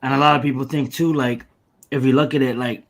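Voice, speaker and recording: A man's voice: mid-range voice, steady tone, fast, creaky. Rambling man in casual podcast chat. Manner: rambling, with many fillers and restarts. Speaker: podcast guest.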